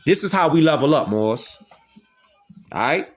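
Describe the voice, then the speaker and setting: A man's voice: fairly high pitch, lively intonation, normal speed, soft background music. A man hosting a talk show, lecturing viewers in an emphatic, repetitive way. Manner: emphatic, repeats phrases, addresses listeners as fam.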